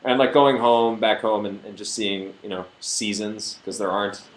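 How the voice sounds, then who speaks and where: Rambling, low-voiced young man. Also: fairly even intonation, echoey room, low-quality recording. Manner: rambling, halting, joking. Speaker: actor answering fan questions. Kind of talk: casual livestream chat.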